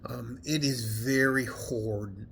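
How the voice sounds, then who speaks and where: A middle-aged man, an army veteran, talking casually to camera at home, halting and rambling, foggy from medication, swearing now and then. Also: medium pitch, fairly even intonation, creaky, fairly bright tone, breathy edge. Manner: rambling, halting, swears, loses his train of thought. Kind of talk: emotional casual talk to camera. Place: at home indoors.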